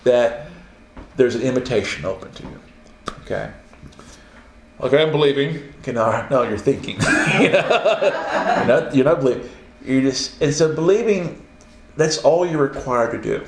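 Male preacher, conversational teaching sermon, animated and playful, mid-range voice in a roomy space. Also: mid-range voice, moderate pace, background noise. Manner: animated, acts out quoted voices, laughs often.

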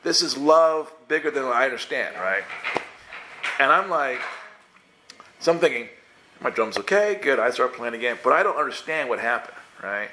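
Bright-voiced man telling a funny story. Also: medium pitch, moderate pace, long pauses, slight background noise. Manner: animated, chuckling, acts out his own thoughts. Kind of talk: humorous personal storytelling to a group.

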